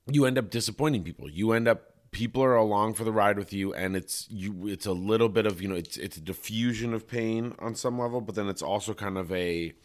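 A man's voice: fairly low pitch, a bit bright. A man hosting a podcast on his own, talking candidly and reflectively, with casual swearing and lots of fillers. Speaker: podcast host. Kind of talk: solo casual podcast talk.

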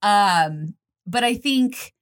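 A woman's voice: medium pitch, animated, drawn-out words. A woman co-hosting a podcast in casual chat, frank and storytelling, using many fillers like "like.". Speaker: podcast co-host.

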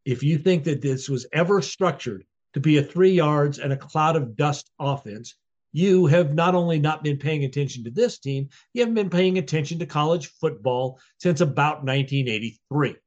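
A man's voice: fairly high pitch, normal speed, darkish tone. A man on a sports talk panel, emphatic and sardonically dismissive. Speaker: podcast panelist. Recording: dull lo-fi sound.

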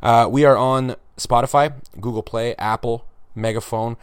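A man's voice: medium pitch, steady tone, moderate pace, clear, resonant tone, no room sound, clean studio sound. A man hosting a solo hockey podcast, talking candidly and wryly with lots of fillers and restarts. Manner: candid, wry, self-deprecating, with frequent fillers. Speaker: podcast host. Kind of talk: solo sports podcast commentary.

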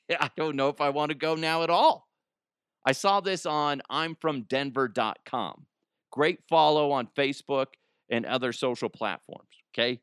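A man's voice: medium pitch, fairly bright tone, dry recording, studio quality. A man hosting a podcast, ranting in a crude, rambling comedic monologue and often laughing. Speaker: podcast host.

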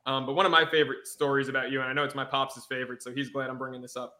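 A man's voice: medium pitch, flat delivery, racing, pushed and bright. A man co-hosting a casual podcast, eagerly setting up a question for the guest. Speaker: podcast co-host.

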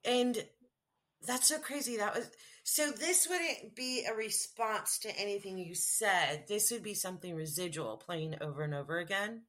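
A woman podcast host with a bright, forceful voice runs a casual interview. She asks questions eagerly and reacts with open excitement. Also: medium pitch, normal speed.

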